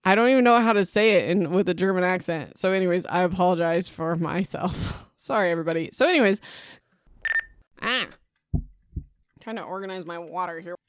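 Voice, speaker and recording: A woman's voice: lowish voice, a little fast, long pauses, clear, resonant tone, no echo. A woman hosting her own podcast in a chatty, rambling, self-deprecating way, talking into a home microphone. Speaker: podcast host. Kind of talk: casual solo podcast chat.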